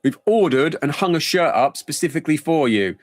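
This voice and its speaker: A man's voice: on the high side, animated, brisk, dry recording. A man streaming a football management game live, thinking aloud in a rambling, casual way.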